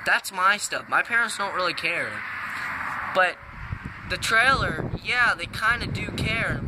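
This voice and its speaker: A young man vlogging in an exasperated, swearing rant, saying dude a lot, his voice cracking. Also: sits high. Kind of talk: casual vlog rant. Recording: noisy home-made recording.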